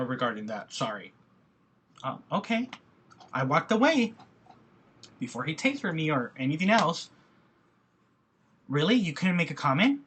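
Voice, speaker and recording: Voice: medium pitch, fairly bright tone. A speaker giving a passionate personal video rant who talks in emphatic repetitions and frequent restarts. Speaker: video blogger.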